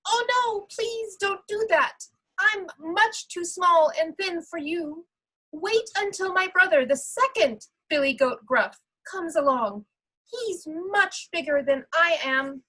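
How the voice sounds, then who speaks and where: Lady doing a teeny timid goat, way high squeaky voice, storybook. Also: expressive, slow, a bit bright, exaggerated voice, low-quality recording. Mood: pleading. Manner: small squeaky pleading voice. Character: tiny young billy goat, timid.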